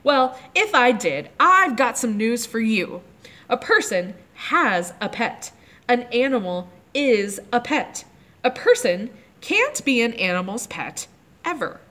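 A woman's voice: on the high side, big pitch swings, unhurried, few pauses, exaggerated voice. A woman reading aloud, voicing a bossy, demanding young girl who throws tantrums. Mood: bossy, indignant. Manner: snippy and loud.

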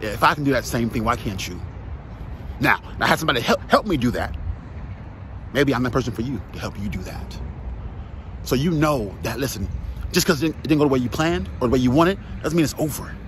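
A man delivers an emphatic motivational talk straight to the listener. He repeats his key lines and fires direct questions, with a lively, swinging pitch over faint background noise. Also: brisk, long pauses. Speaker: motivational speaker, former football player.

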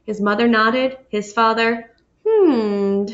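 A woman reads a picture book aloud at normal speed, expressively asking listeners questions and raising her pitch for characters' lines. The audio is dull and lo-fi.

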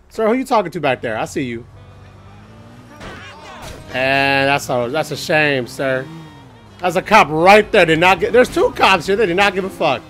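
A man casually commentating a video game playthrough, excitable and joking, swearing often and singing bits to himself. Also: on the high side. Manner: excitable, swearing, jokey, sings snippets. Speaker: gaming channel host. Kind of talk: let's play commentary.

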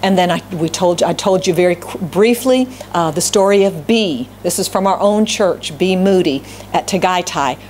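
A woman's voice: lowish voice, moderate pace, hardly any pauses, darkish tone, a little hiss or hum. A middle-aged woman pastor with a Southern US accent, preaching a sermon and telling stories, often repeating phrases for emphasis. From Southern United States.

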